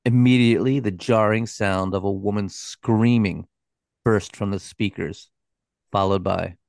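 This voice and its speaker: A man co-hosting a true-crime podcast, speaking in a low, gravelly voice. He keeps it laid-back and casual, and the recording is dry and close. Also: steady tone, measured pace, a little mellow, no room sound. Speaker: podcast co-host.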